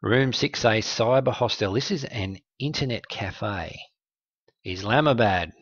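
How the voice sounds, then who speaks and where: Male host, low voice, wry and chatty walkthrough; dry, dull-sounding recording. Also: unhurried, no echo. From Australia. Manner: wry, conversational, explanatory. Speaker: host exposing scam websites.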